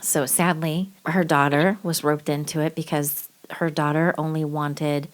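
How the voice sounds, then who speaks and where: A woman's voice: low voice, little pitch movement, a little slow. A woman hosting a true-crime podcast, talking casually and bluntly, swearing freely with lots of fillers. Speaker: podcast host.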